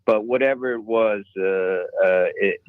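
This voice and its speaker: Low-voiced male guest on talk radio, slow halting storyteller, dry and slightly muffled studio sound. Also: dry recording. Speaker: pilot guest. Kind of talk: casual radio interview storytelling.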